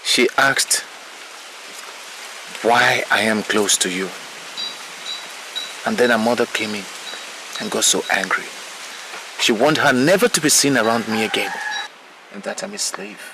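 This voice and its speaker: A downcast young palace servant. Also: male voice, on the low side, lively intonation, a little slow, pauses often, noisy background. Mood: plaintive. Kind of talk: Nollywood film acting.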